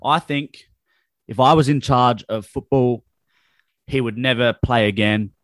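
A man's voice: medium pitch, measured pace, no echo, studio quality. A man co-hosting a casual football chat, blunt and profane, given to heated rants. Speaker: podcast co-host.

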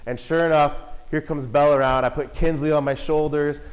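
A father telling a family story in a casual, animated way. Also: fairly high pitch, brisk, poor audio. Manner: animated, acts out voices and shouts in quotes.

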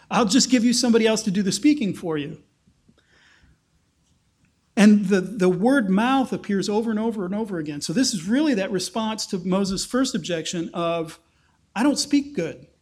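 A man's voice: high voice, lively intonation, moderate pace, darkish tone. A man giving a casual, joking Bible teaching, often correcting himself as he goes.

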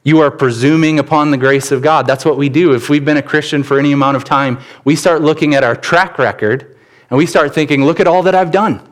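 A man's voice: a little high, fairly even intonation, a little fast. Man preaching with acted-out storytelling. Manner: storytelling, acts out quoted voices. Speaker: pastor. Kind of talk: sermon.

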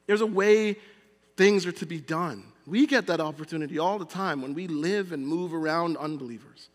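A middle-aged male pastor preaching a sermon in an earnest style, often dropping to a quiet, low voice. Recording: long hall reverb.

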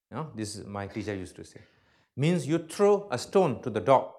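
A man teaching in halting non-native English, answering audience questions in a lecture hall and acting out examples with emphasis. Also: mid-range voice, very animated, darkish tone. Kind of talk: spoken talk and Q&A.

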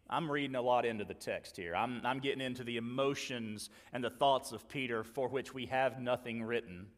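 A man preaching a sermon, earnestly acting out the dialogue he quotes and moving between loud emphasis and quiet asides. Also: mid-range voice, normal speed, hardly any pauses, in a large hall. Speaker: pastor.

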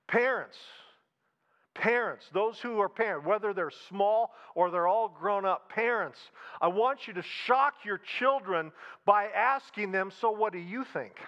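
A man with a high voice preaches in a loose, conversational way. He repeats key phrases and slips in light jokes. The recording sounds a little dull and muffled. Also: fairly bright tone. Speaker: pastor. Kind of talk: sermon.

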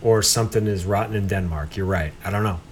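Sardonic man with a lowish voice. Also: fast talker, a little hiss or hum. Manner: sardonic and blunt, swears freely. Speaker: podcast co-host. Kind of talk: casual chat.

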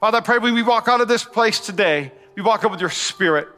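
A man preaching a sermon to a congregation, animated and conversational, full of asides and call-and-response. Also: sits high, fast, faint music behind. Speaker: pastor. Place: large church hall. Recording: long church-hall reverb.

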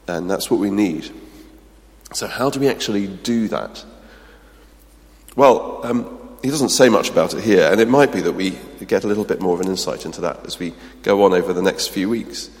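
A man's voice: low-pitched, moderate pace, long reverb tail. A man preaching a sermon, earnest and emphatic, often restarting with ums, then leading a closing prayer.

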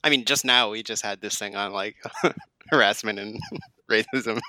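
A woman co-hosting a podcast, chatting in a laughing, animated way. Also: rumbling low, moderate pace, dry recording, low-quality recording. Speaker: podcast co-host. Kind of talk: casual chat.

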